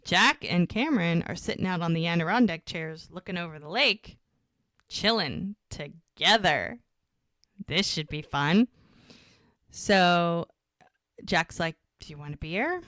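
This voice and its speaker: A woman's voice: fairly low pitch, expressive, measured pace, fairly bright tone, no room sound, studio quality. A woman co-hosting a podcast, casually retelling scenes and acting out the dialogue. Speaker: podcast co-host recapping episodes. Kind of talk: casual chat.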